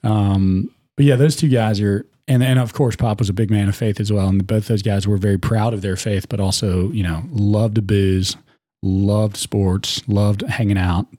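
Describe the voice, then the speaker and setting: A man's voice: lowish voice, steady tone, normal speed, dark tone, no room sound, studio quality. A man co-hosting a podcast in casual chat, rambling fondly with lots of fillers. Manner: rambling, filler-heavy, fond storytelling. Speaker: podcast co-host.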